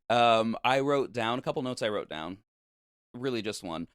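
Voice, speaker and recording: A man's voice: mid-range voice, animated, measured pace, no echo, studio quality. A man co-hosting a casual movie review podcast, joking around and laughing often. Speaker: podcast co-host.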